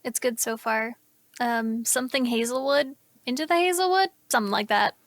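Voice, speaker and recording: A woman co-hosting a podcast from home, making dry, quick ribbing remarks. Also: on the high side, no room sound. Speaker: podcast co-host. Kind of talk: casual banter. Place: home, remote recording.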